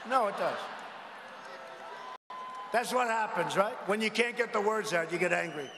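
A man's voice: high-pitched, lively intonation, normal speed, background noise. A man giving a rambling campaign rally speech from a podium, with mocking asides to the crowd. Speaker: political rally speaker. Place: large indoor arena rally. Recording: echoey arena hall with faint ambience.

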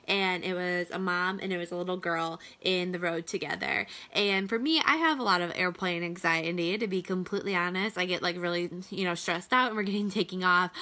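A woman's voice: fairly low pitch, sharp tone. A woman in a casual live video chat as a business coach, talking loosely with many fillers.

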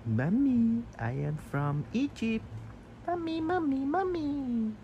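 A whiny little pet cat, as a woman puts it on, pleading in a high, childlike voice. It talks slowly, with lively swoops of pitch. Steady background noise hums under a casual home video. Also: muffled recording, heavily acted.

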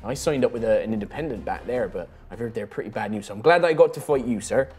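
A humble young dragon-blooded duelist, chatting softly and trailing off into mumbles, as a man puts him on. His voice sits a touch lower and quieter than a plain speaking voice, with lively swings. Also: fast, close to an everyday voice. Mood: friendly.

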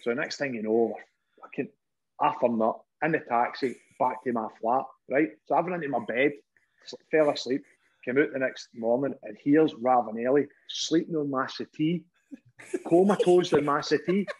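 A Scottish man, a former goalkeeper and podcast guest, telling lively stories in a casual chat, laughing often and swearing freely. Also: mid-range voice, moderate pace, slightly rough. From Scotland. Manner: laughs often, animated anecdote telling with lots of "right?" and swearing.

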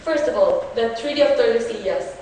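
A teenage woman speaks in a slightly high, earnest voice, explaining her debate case with frequent hesitations. She is caught by a distant mic, her words washing through a big echoey hall over a faint hiss. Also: animated, brisk, mellow. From Chile. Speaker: student debater. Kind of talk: competitive debate speech.

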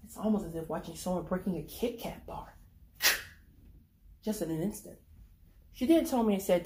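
A woman reading her own dark short story aloud in the first person, in a brooding, conversational way. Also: on the low side, animated, normal speed, long pauses, background noise. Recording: echoey room.

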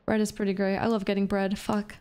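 A woman's voice: mid-range voice, level tone, brisk, a little mellow, clean tone, soft background music. A woman streamer chatting casually with her live chat while gaming, profane, playful and flirty. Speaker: VTuber streamer.

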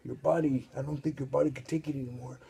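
Quiet hesitant doctor, a guy putting it on, kinda husky and dark. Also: medium pitch, steady tone, fast. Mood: gentle. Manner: quiet, hesitant, soft-spoken. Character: gentle male doctor giving grave news.

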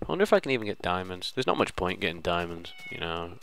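A man's voice: deep voice, sing-song, fast, vocal fry, hardly any pauses, fairly bright tone, a little hiss or hum. A young man giving playful, rambling let's-play commentary, often mocking himself. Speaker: gaming video host.

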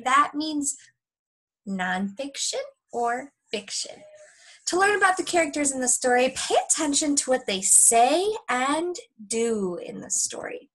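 Young woman teacher at home, high and animated, reading to kids. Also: rough recording. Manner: chatty, lively storytelling. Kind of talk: recorded lesson reading aloud to young kids.

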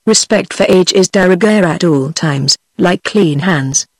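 A woman's voice: fairly low pitch, unhurried, slightly rough, no echo. Synthetic woman reading a weary old legal scholar. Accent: British English.

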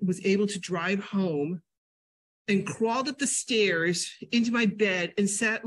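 An older woman from New England giving a casual health talk at a library, a chatty, animated storyteller. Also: mid-range voice. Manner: chatty, animated storyteller with sudden loud jumps and laughs. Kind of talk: casual lecture with personal stories.

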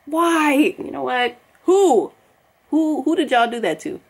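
A woman's voice: sits high, expressive, slow pace. A young woman hosting a reaction video, chatting in a baffled, talkative way and sometimes dropping to a whisper. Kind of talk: casual reaction commentary.

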